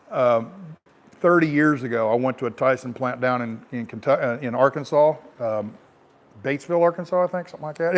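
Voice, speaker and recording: A middle-aged American man, a truck driver, telling a rambling, frank story to camera in a casual way. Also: medium pitch.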